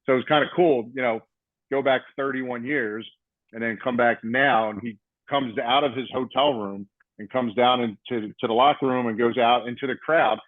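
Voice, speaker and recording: A man's voice: medium pitch, moderate pace, no room sound. A man in his fifties hosting a casual podcast, telling stories and acting out what others said. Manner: animated storyteller, acts out quotes. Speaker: podcast host, former wrestler. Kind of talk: casual storytelling chat. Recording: tinny phone-like call audio.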